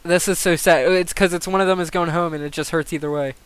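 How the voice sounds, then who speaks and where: A young man commentating a game simulation on a live stream, excitable, swearing and thinking aloud. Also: a little high, fast talker, clear, resonant tone, no echo.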